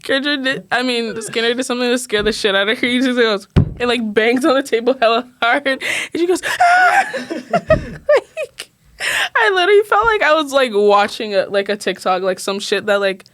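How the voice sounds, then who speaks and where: A woman's voice: on the high side, normal speed. A young woman co-hosting a podcast, telling a story in casual chat, laughing often and filling her speech with "like". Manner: animated, laughing, says "like" constantly. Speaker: podcast co-host.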